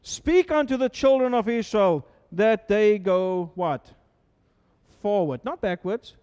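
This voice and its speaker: A man with a high voice preaches in a church sanctuary, talking conversationally, stumbling over repeated words and tossing out rhetorical questions. At times he drops to a soft, hushed tone. His voice rings with the long reverb of the hall. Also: lively intonation, takes it slowly, clear, resonant tone. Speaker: pastor. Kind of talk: sermon.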